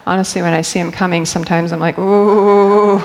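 Middle aged church lady telling stories, low gravelly voice, laughs a lot, big echoey hall. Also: level tone, racing. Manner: candid, chatty, laughs often. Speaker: church staff member speaking. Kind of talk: personal storytelling talk. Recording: long hall reverb.

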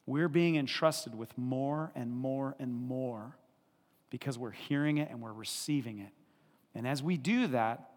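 Man preaching in a reverberant church. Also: medium pitch. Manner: animated, repetitive, conversational with the congregation. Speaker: pastor. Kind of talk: sermon.

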